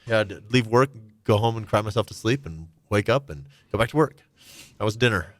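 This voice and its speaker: A middle-aged man telling his own story candidly and reflectively, his voice often trailing off soft and low. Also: animated, brisk. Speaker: guest.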